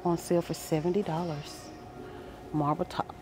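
A woman filming a casual walkthrough of a furniture store on her phone, excitedly reading out sale prices and chatting to her viewers. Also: lowish voice, moderate pace, over music. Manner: excited, reads prices aloud, addresses viewers as guys. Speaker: shopping vlogger. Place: large furniture store, indoors.

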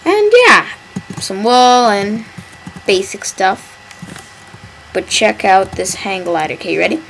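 A woman's voice: medium pitch, animated, slow, vocal fry, a bit bright, a little hiss or hum, rough recording. A woman hosting a gameplay video, rambling playfully with mock-dramatic asides. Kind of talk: casual gameplay commentary.

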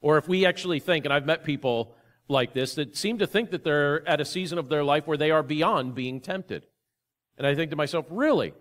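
A man's voice: a little high, brisk, a bit bright. A man, a pastor, opening with a prayer and then preaching an earnest, conversational sermon full of rhetorical questions.

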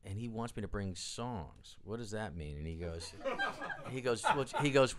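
A man, a guest on a live studio interview, telling rambling, animated stories and acting out the people he quotes. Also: on the low side, normal speed, slight background noise. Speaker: guest, record producer and drummer. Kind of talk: anecdotal storytelling interview.

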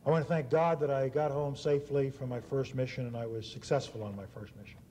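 A proud young fighter pilot, a man speaking earnestly and sincerely, as a speaker puts him on. The voice is warm and relaxed. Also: medium pitch, fast talker, slight background noise, lightly acted.

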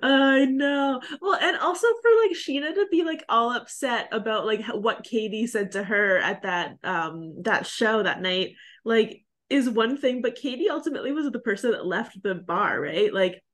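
A woman's voice: medium pitch, expressive, moderate pace, few pauses, fairly bright tone. Chatty woman podcast co-host. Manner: chatty, heavy on "like", mocking impressions. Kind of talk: casual chat.

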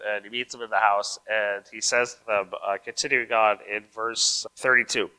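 A man delivers a sermon as pastor, reading scripture and then unpacking it in a relaxed, conversational way. His voice is bright and forward, sitting at an average pitch for a man. He keeps checking in with his listeners through quick rhetorical asides. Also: poor audio. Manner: conversational preaching with frequent "right?" asides; reads scripture aloud, then comments on it.

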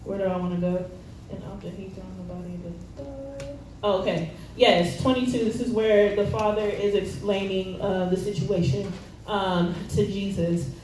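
A woman's voice: mid-range voice, normal speed, darkish tone. A woman giving a casual, conversational sermon in slangy everyday speech, with lots of fillers and easy laughter. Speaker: speaker at a church service. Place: church hall. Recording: echoey room, voice far from the mic, faint noise.

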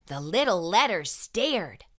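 Animated woman reading to children. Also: medium pitch, slow pace. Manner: animated, sing-song. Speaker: children's storyteller. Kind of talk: picture book read aloud.

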